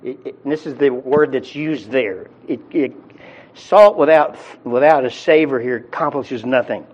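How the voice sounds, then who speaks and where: A man's voice: medium pitch, moderate pace, a little mellow, lo-fi sound. A man teaching a Bible sermon in a conversational way, often restarting and repeating his words. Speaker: preacher.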